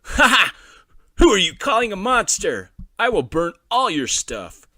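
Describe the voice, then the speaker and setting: A cruel teenage bully, as a man puts him on for a storybook, loud and jeering, raised above the reader's normal pitch. The delivery swings widely, recorded close and dry. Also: very animated, moderate pace, no echo, heavily acted. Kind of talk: children's storybook reading.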